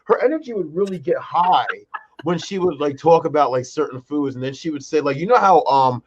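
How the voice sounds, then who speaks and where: An animated man co-hosting a casual podcast, telling stories and acting out quotes by jumping into a high voice. The recording sounds dull and lo-fi. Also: a little fast, background noise. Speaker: co-host.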